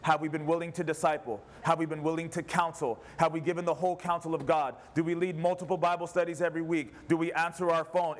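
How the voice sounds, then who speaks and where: A man's voice: a little high, a little hiss or hum. A pastor preaching a sermon in church, an impassioned man who fires off rhetorical questions. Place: church service.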